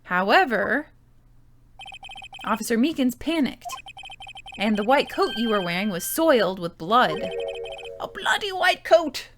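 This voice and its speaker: A woman's voice: a little high, very animated, unhurried, pauses often, noisy background. An Australian woman voicing a confident young male defense lawyer, reading courtroom lines with emphasis. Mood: accusing.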